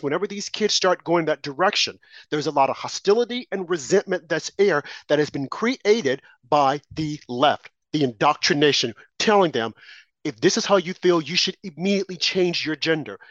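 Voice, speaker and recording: A man's voice: a little high, fairly bright tone, dry recording, dull audio. A man co-hosting a political talk show, delivering impassioned, preachy commentary full of rhetorical questions and warnings.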